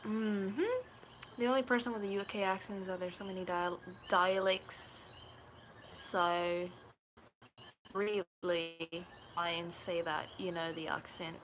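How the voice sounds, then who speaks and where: A woman's voice: on the low side, steady tone, measured pace, a bit bright, slight background noise, rough recording. A young woman from Puerto Rico chatting casually with her viewers on a live stream, her voice a little sore and tired from talking for hours. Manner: reads chat questions and answers offhand, tries joke accents.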